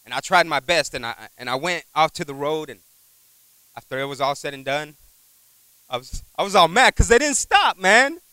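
A man preaching a sermon in a conversational, animated way, telling a personal story, repeating words and asking the congregation for an amen. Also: a little high, moderate pace, smooth, dry recording, low-quality recording. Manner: animated, acts out voices in his stories.

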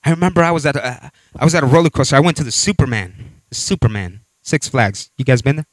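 A man preaching a sermon with animated storytelling, acting out voices and scenes as he talks. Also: mid-range voice, fast, dry recording.

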